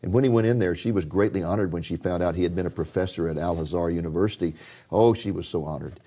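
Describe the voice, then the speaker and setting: A man's voice: low-pitched, fast, warm tone. An older man hosting a religious TV interview, telling stories to viewers in a folksy, preacher-like way. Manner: folksy preacher-style storytelling. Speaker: TV program host.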